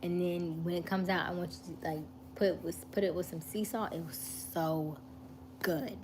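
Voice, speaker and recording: A woman hosting a casual live stream, chatting in a relaxed way, greeting viewers by name and snacking while she talks. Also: lowish voice, fairly quick, background noise.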